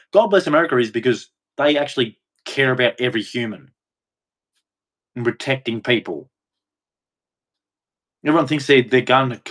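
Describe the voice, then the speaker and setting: A man giving an emphatic, repetitive monologue, swearing and acting out quoted voices as he goes. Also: mid-range voice. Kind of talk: ranting monologue.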